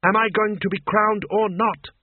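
A man's voice: high-pitched, steady tone, moderate pace, no echo, voice pushed up. Man doing a cold haughty princess, lifted and clipped, dry lo-fi. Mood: icy. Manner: icy, imperious. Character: haughty icy young princess. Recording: tinny phone-like dry audio.

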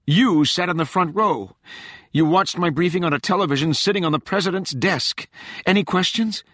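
A man reading an audiobook, voicing a frantic young woman intelligence officer in a high, pleading, insistent voice. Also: moderate pace, a bit bright, dry recording, studio quality. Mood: urgent.

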